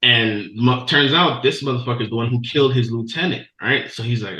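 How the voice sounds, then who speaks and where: A man hosting a podcast, recapping a show in a loose, profane, animated storytelling way. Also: medium pitch, brisk, hardly any pauses, muffled recording. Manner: profane, animated storytelling with laughs and quoted voices. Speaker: podcast host. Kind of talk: casual recap of an anime episode. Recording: echoey room.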